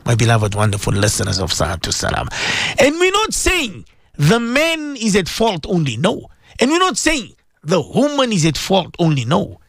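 A man's voice: high-pitched, huge pitch swings, normal speed, fairly bright tone, dry recording. A man, a cleric hosting a radio show, speaks with emotion and keeps repeating rhetorical questions to his listeners. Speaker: radio host and Muslim cleric. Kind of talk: impassioned radio talk.

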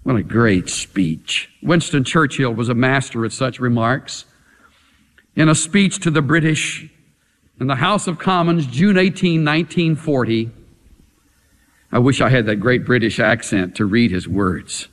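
Guy preaching a sermon, slow and dramatic, voice ringing round a big echoey hall. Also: mid-range voice. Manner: dramatic, emphatic preaching with rhetorical questions.

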